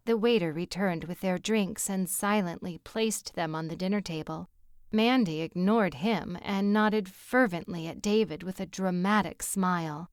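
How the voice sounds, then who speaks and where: A woman narrating an audiobook in a measured, even storytelling manner on a close mic. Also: lowish voice, clean tone, no room sound. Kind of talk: scripted narration.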